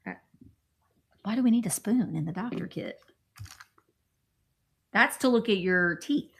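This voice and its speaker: Middle-aged lady going thru her thrift finds, chatty and rambling, mid pitch. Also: animated, a little slow, slightly rough. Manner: chatty, rambling, talking to friends off camera. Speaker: thrift vlogger. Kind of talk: casual haul show-and-tell.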